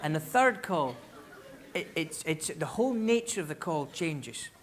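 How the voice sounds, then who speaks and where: A Scottish man doing stand-up storytelling on a large concert hall stage with a stage mic, telling stories animatedly and breaking into loud shouted impressions, to a live audience laughing. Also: a little high, sing-song, measured pace, a faint crowd, a little hiss or hum. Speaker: stand-up comedian.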